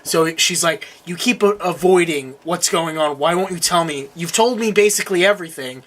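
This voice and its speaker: A young man co-hosting a casual review chat, talking excitedly, laughing often and acting out lines from the show. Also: on the high side, moderate pace. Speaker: co-host.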